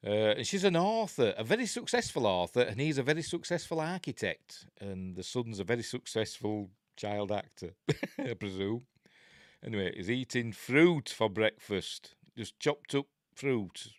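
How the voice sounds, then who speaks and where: A man's voice: mid-range voice, big pitch swings, normal speed, no room sound, studio quality. A man with a Yorkshire accent, reviewing a horror film in a rambling, jokey way, full of ums and uhs. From Yorkshire, England. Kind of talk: casual film commentary.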